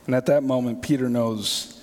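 A male pastor preaching a sermon, swinging between hushed, slow passages and emphatic, raised lines. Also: medium pitch, fairly even intonation. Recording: long hall reverb.

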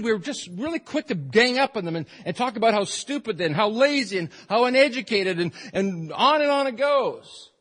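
A man preaching a sermon as pastor, animated and rising into emphatic bursts. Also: high-pitched.

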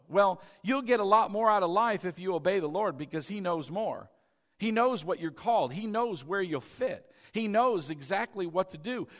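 Man preaching an animated sermon. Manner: preaching with call-and-response, emphatic and conversational; shifts between loud emphasis and quiet low-voiced asides. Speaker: pastor.

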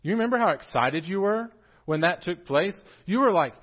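A young man with a drawl preaches in a church, chatting and joking with his congregation. His voice sits a touch high. The recording is muffled and lo-fi. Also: normal speed. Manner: joking, animated, talks straight to the congregation. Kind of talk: casual sermon with humor. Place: church sanctuary.

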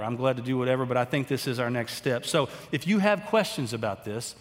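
A man pastor speaking earnestly to his congregation, giving announcements and leading a prayer, with some halting fillers. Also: mid-range voice, long reverb tail. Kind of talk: church announcements and closing prayer. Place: church sanctuary.

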